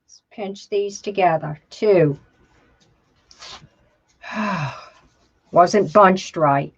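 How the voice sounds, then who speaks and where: Her voice is on the low side and extremely slow. She's hosting a relaxed crafting tutorial, chatty, talking to herself while she works and using "y'all," and the audio is dull, lo-fi home video quality.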